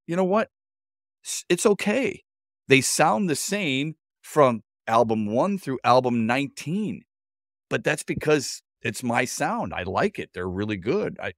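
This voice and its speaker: A man's voice: medium pitch, no echo, studio quality. A man co-hosting a sports talk show, talking in an easygoing, conversational way. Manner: easygoing, conversational, repeats words when starting. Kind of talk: casual sports radio chat.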